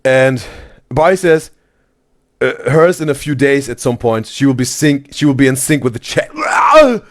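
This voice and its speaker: A man hosting a live stream, reading chat messages aloud in a casual, excitable way and saying "bro" constantly. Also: mid-range voice, moderate pace. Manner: animated, exclaims "bro" constantly, laughs often.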